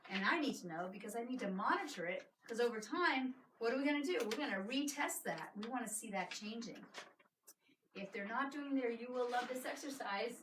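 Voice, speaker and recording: A woman chiropractor giving a live workshop to patients, energetic and coaxing, often checking in with "right?". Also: on the high side, fairly quick, noisy background. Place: clinic room with a small audience. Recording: echoey room, mic at a distance.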